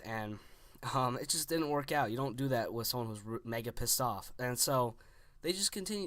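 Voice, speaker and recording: A man's voice: medium pitch, a bit bright, dry recording. A young man in his teens casually telling a story, rambling with lots of "like" and restarts.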